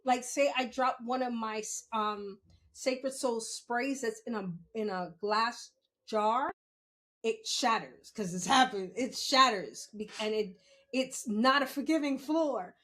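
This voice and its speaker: Young female podcast host with a high, unhurried voice and an animated, laugh-filled style of telling a story. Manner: laughs a lot, swears freely, animated storytelling. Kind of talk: casual monologue.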